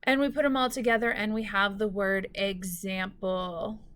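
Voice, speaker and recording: A woman teacher giving a recorded phonics lesson, speaking slowly and clearly and stretching out words for students. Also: medium pitch, fairly even intonation, fairly bright tone.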